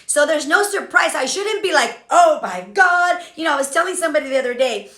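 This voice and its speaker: A woman's voice: high-pitched, expressive, fast, sharp tone. A woman hosting a casual motivational talk for a live chat, chatty and frank, often checking in with "okay?". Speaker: business coach hosting a live stream. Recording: echoey room.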